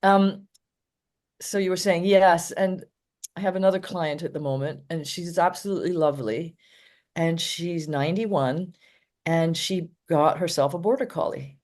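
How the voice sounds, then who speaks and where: A woman's voice: fairly low pitch, normal speed, a little mellow. An older woman, a dog trainer, chatting casually in an interview and telling rambling anecdotes with frequent laughs.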